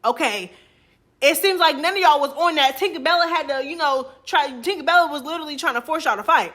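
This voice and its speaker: Bright, sassy woman gossip host. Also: sits high, brisk. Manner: chatty, sassy, calls viewers girl. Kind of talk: gossip commentary.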